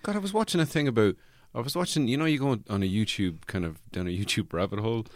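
A man's voice: lowish voice, lively intonation, quick pace, no room sound, clean studio sound. A man hosting a casual comedy podcast chat, rambling and laughing often. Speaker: podcast host. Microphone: studio microphone.

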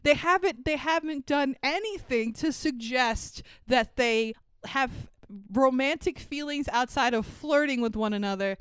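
A woman's voice: sits high, unhurried, a bit bright, clear, resonant tone, no room sound. A woman co-hosting a casual movie podcast, blunt and sarcastic, swearing often. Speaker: podcast co-host.

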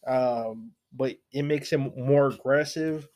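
A man's voice: medium pitch, slow pace, a little mellow. Laid-back male podcast co-host. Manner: laid-back, agreeable, casually profane. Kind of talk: casual movie-review chat.

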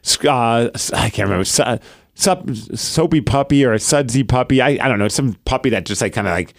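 A man's voice: medium pitch, brisk. A man in his thirties co-hosting a sports podcast, chatting casually and acting out funny family moments. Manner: animated, acts out his daughter's lines. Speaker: podcast co-host. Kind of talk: casual chat.

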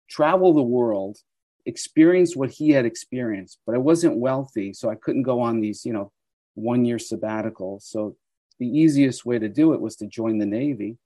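A man in his sixties from the United States, a guest telling animated stories in an interview. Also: mid-range voice, a little slow, dry recording. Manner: animated storyteller who acts out quoted voices. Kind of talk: storytelling interview.

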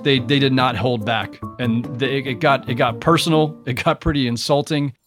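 A sports journalist being interviewed, telling stories in an animated, emphatic way. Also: male voice, mid-range voice, moderate pace, over music. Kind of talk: interview recollection.

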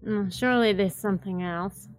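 A woman's voice: medium pitch, moderate pace, a little hiss or hum, lightly acted. A woman voicing a drunk young woman adventurer who talks bluntly and a bit sloppily. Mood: doubtful. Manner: tipsy, blunt.

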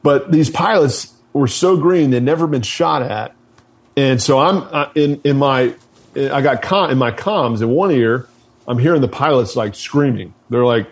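A man of ordinary pitch tells a story from his service days in a loose, conversational way. He is blunt and swears freely, and he often trips over and restarts his sentences. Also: expressive, moderate pace, husky. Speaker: guest, military veteran. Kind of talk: casual storytelling.

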